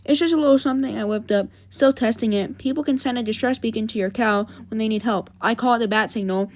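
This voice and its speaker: A woman reading the lines of a bubbly young female tinkerer in a chatty, quick way. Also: a little high, natural voice.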